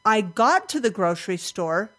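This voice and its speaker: An older woman tells a story from her own life in an interview with a voice of middle pitch. She talks in an animated way, acts out what she thought back then and breaks into laughter often. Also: moderate pace. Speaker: interview guest. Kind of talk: personal storytelling in conversation.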